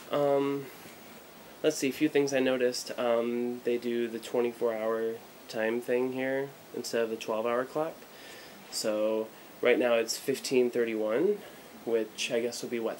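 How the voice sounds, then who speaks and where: A man's voice: mid-range voice, slight background noise, rough recording. A young American man from the United States rambling through a casual travel vlog, full of fillers and blunt asides, filmed on a handheld camera in a small hotel room. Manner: rambling, irreverent, many fillers. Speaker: vlogger.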